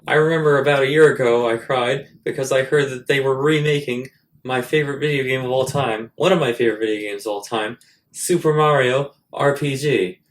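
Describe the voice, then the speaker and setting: A man hosting a comedic monologue, cracking crude, self-mocking jokes and swinging between loud bursts and quiet asides. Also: mid-range voice, steady tone, brisk. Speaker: host.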